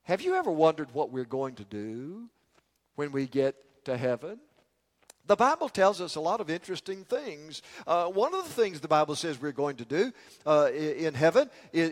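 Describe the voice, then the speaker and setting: An older man preaching a sermon in a folksy, rambling way, with many restarts and jokes. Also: fairly high pitch. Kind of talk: sermon with humorous stories. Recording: long hall reverb.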